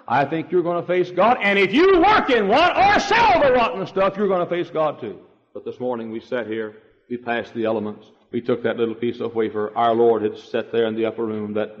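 A man preaching a sermon, swinging from hushed tones to loud, climbing shouts and often repeating words as he goes. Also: mid-range voice. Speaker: pastor. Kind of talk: fiery sermon. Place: church sanctuary. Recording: dull old recording in a reverberant hall.

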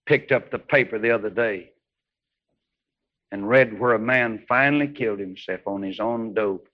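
A man preaching a revival sermon, swinging between hushed storytelling and high, shouted exclamations. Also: normal speed. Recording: dull lo-fi old sermon recording.

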